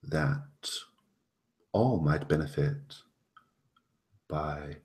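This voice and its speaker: A man's voice: rumbling low, extremely slow, darkish tone, heavily acted. A man doing a silky, coaxing fae lord. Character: sly adult male fae noble, persuasive.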